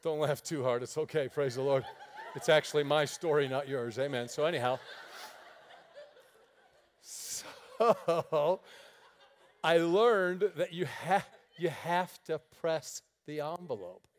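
A man pastor preaching a sermon through lively, laughing storytelling. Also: on the high side, takes it slowly. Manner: animated storytelling with frequent laughter.

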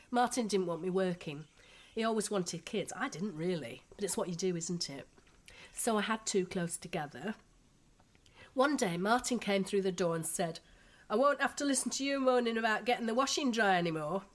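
A woman's voice: medium pitch, natural voice. A woman playing a blunt Yorkshire housewife. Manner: blunt, gossipy, down-to-earth. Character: frank chatty Yorkshire expat housewife and mother. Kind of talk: radio drama acting.

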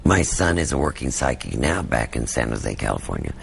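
A blunt, dry older woman psychic with a New York accent and a heavy smoker's rasp, put on by a man. The voice sits extremely low and crackles with gravel. She swings her pitch widely and sounds slightly annoyed. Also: very animated, brisk, full character voice. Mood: matter-of-fact. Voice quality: husky, raspy smoker's voice. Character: older woman psychic, brusque, chain-smoking.

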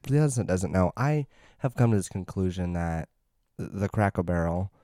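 Low-voiced man ranting comically. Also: expressive, fairly quick, mellow, dry recording, studio quality. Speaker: podcast co-host. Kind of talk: casual chat.

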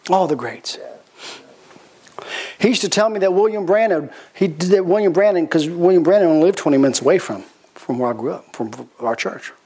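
A male pastor delivering a sermon in a notably high voice. He tells his stories with lively, animated energy and circles back over his phrases for emphasis. He breaks into laughter as he preaches. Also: a little fast. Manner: animated storytelling, repeats phrases; laughs while telling stories.

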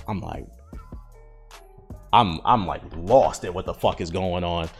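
A man's voice: low-pitched, a little slow, long pauses, husky, faint music behind. A man around thirty talking in slangy casual chat as a podcast host, rambling with lots of fillers. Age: 30s.

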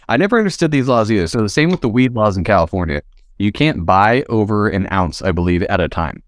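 A man's voice: on the low side, animated, fast, dry recording, studio quality. A man hosting a casual podcast, reading out odd laws and riffing on them with casual swearing. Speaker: podcast host.

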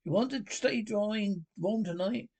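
Brief: a man playing an eager, bossy storybook rat, raised husky voice. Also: high voice, a little mellow, voice pushed up. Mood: angry. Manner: eager, quick to scold. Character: excitable male water rat, bossy and impatient. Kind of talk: storybook reading.

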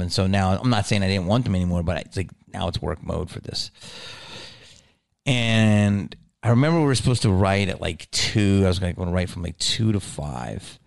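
A middle-aged man hosting a podcast, telling a profane, animated story in casual chat and acting out the quoted lines. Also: deep voice, creaky. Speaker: podcast host.

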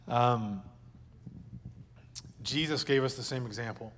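A man's voice: mid-range voice, takes it slowly, pauses often, a bit bright, big-room sound, slight background noise. A male pastor preaching a sermon at a church service in a conversational, joking way, with asides to the congregation.

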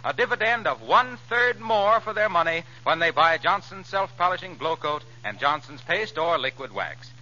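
A man's voice: on the high side, big pitch swings, normal speed, hardly any pauses, bright, forceful tone. A man, a radio announcer, reading a scripted ad with an urgent salesman delivery. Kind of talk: scripted ad read. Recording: dull lo-fi old radio recording.

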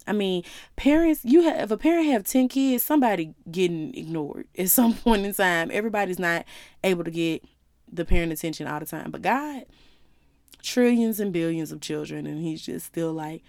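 A woman's voice: lowish voice, animated, moderate pace, darkish tone, no room sound. Chatty woman podcaster, dry sound. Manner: conversational, drifts into voicing God and others. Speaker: podcast host. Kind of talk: casual faith talk.

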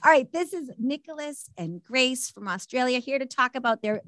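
A woman's voice: high-pitched, animated, normal speed, background noise. A woman co-hosting a show, bubbly and laughing as she introduces guests. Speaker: co-host.

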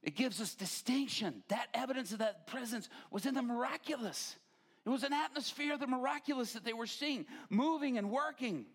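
A middle-aged man preaching a sermon, telling stories animatedly and rising to near-shouts. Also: very high-pitched, a little fast, breathy edge. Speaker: pastor.

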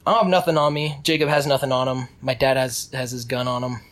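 A man's voice: medium pitch, little pitch movement, fast, fairly bright tone. A young man casually telling a long story with many restarts, acting out what people said. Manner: rambling with restarts, acts out quotes.

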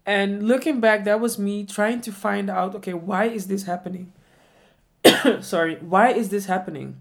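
A woman's voice: medium pitch, moderate pace. A woman in her twenties telling a personal story in a reflective way, often repeating questions to herself. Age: 20s. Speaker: vlogger.

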